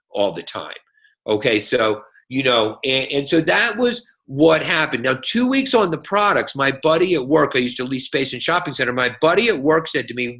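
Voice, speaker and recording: Animated man telling a sales story. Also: mid-range voice, poor audio. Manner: animated storyteller, quick asides, frequent "okay?" and "right?". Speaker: guest speaker. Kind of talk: motivational talk.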